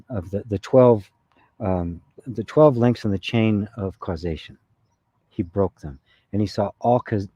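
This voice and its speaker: A man's voice: fairly low pitch, husky. A man giving a conversational satsang talk as spiritual teacher, often checking with "right?". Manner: conversational, with frequent "right?" and soft laughs.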